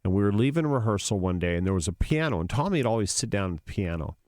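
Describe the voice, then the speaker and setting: A man's voice: lowish voice, fast, no room sound. Man, casual podcast storytelling, mimics sounds, resonant voice, dead dry room. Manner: animated, acts out sounds and quotes. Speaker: rock musician guest.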